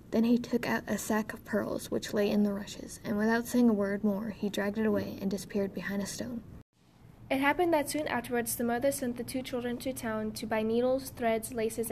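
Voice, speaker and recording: A woman reads a fairy tale aloud at a steady, measured pace. Her voice sits fairly high, with a faint low rumble behind it. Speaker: narrator.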